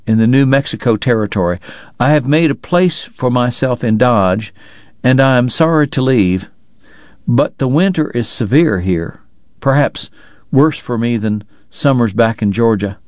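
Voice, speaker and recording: Male narrator, slow measured reading, dramatic, dry close sound, dull lo-fi. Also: mid-range voice, animated, a little mellow, no echo. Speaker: audiobook narrator. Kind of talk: scripted narration.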